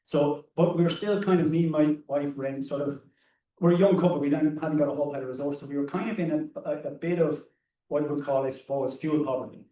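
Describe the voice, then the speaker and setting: A man's voice: a little high, steady tone, quick pace, dark tone. An Irish man on a discussion panel, telling stories in an anecdotal way and often repeating words as he goes. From Ireland. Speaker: conservationist panelist. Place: hall or seminar room. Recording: roomy, distant mic.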